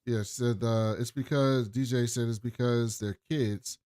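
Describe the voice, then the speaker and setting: A man's voice: mid-range voice, steady tone, measured pace, dark tone, smooth, no echo, clean studio sound. A man co-hosting a podcast, casually recapping a TV episode in a loose, profane storytelling way. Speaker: podcast co-host.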